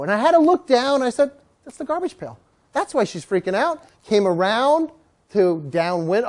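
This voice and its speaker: Animated man telling dog-training stories. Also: high voice. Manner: animated, acts out quoted voices. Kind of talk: storytelling lecture to a class.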